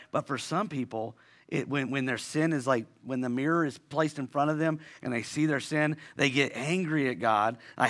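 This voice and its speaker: A male pastor preaches a sermon conversationally, often restarting phrases and posing rhetorical questions. His voice is medium-pitched, a bit bright, and at normal speed.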